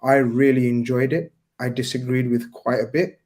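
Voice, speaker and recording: A man hosting a call-in show, polite and measured, speaking with formal courtesy to a caller. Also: medium pitch, steady tone, darkish tone. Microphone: video call.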